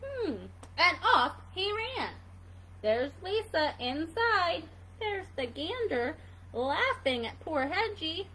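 A woman's voice: very high-pitched, very animated, slow pace, sharp tone, a little hiss or hum, low-quality recording. A woman reading a picture book aloud to children, asking playful questions about the pictures. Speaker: reader for children.

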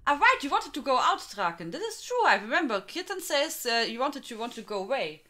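A woman's voice: high voice, big pitch swings, a little fast, bright, forceful tone. A woman from Germany with a strong German accent, chatting casually on a live stream, greeting viewers by name and laughing often.

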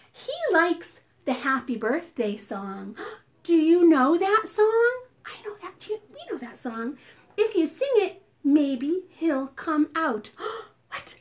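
High-voiced, slow, playful woman librarian. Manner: animated, gasping and whispering to draw children in. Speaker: children's librarian. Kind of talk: preschool storytime read-aloud.

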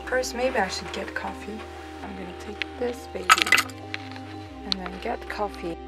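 A woman's voice: mid-range voice, measured pace, poor audio. Chatty young woman vlogging over music. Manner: chatty, playful, laughs between phrases. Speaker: music production student vlogger. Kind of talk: casual vlog chat. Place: home recording setup, indoors. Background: music playing underneath.

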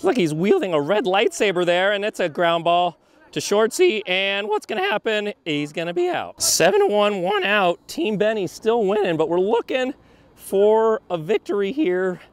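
A man giving excited, joking play-by-play of a softball game from an outdoor field, filmed by a camera on a tripod. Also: sits high, moderate pace. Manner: excitable, joking, yelps and exclamations. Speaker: vlogger and softball player.

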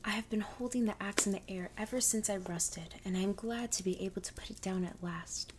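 A courteous tin man from a storybook speaks in a hushed, breathy whisper, as a woman reads him in whispered role-play. His words come slow and gentle. He is mild and thankful. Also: mid-range voice, a little hiss or hum, close to an everyday voice. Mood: grateful.

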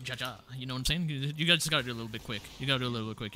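A man's voice: medium pitch, rapid-fire, sharp tone, slight background noise. A man giving live gameplay commentary as a streamer, slangy and casual, calling his viewers boys and bro and repeating his own phrases. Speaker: gaming streamer.

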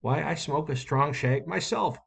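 Man doing a drawling promoter, hearty, informal, higher than his own voice, storybook reading. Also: measured pace, vocal fry, a bit bright, husky, heavily acted. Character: brash male theatrical promoter from the New World.

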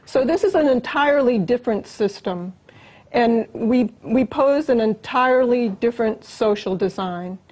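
A woman, a guest on an interview show, explaining her views in an earnest, steady conversational way with small restarts. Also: fairly high pitch, moderate pace, rough recording. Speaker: interview guest, longtime collaborator.

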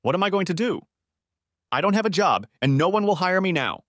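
A man voicing an angry wife who shouts and whines. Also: high voice, big pitch swings, a little fast, dry recording, studio quality, voice pushed up. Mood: angry whining. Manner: shouting, whining. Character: angry whining ex-wife, young woman.

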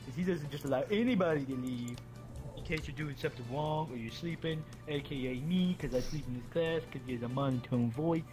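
A man's voice: fairly high pitch, a little fast. A young man chatting in a game, goofy and casually swearing, with music playing behind him. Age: young adult. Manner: goofy, puts on a silly character voice, swears casually. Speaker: streamer. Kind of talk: playful group chat while gaming.

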